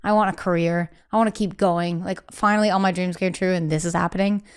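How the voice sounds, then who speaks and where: Smooth-voiced young woman telling her story. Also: lowish voice, steady tone. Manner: fast, emphatic storytelling with quoted asides. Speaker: podcast guest, singer. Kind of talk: candid conversational interview.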